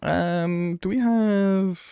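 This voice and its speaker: A man's voice: high-pitched, fairly even intonation, drawn-out words, gravelly, dark tone, clean tone, no room sound. An Australian man chatting casually and joking with his chat while streaming a building game. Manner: joking, self-mocking banter with chat.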